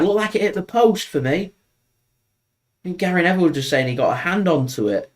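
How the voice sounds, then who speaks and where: Bloke doing a football watchalong, chatty and opinionated, voice jumps up when the play gets going. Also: male voice, sits high, expressive, fast talker, pauses often. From England. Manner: chatty, opinionated, bursts up for match action. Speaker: football fan channel host. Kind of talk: live match watchalong commentary.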